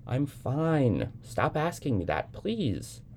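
A man voicing a cool, unbothered young woman on the phone, calm and faintly weary. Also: mid-range voice, slow pace, husky, voice pushed up, heavily acted.

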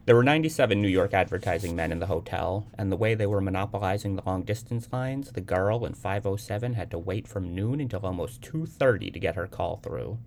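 A man narrating a literary story in a measured, expressive reading. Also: deep voice, creaky, a little hiss or hum.

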